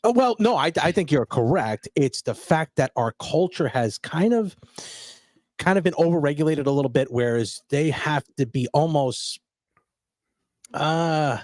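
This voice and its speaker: A man hosting a casual interview podcast, speaking in a thoughtful, measured way. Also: a little high, lively intonation, darkish tone, no room sound, studio quality. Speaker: podcast host.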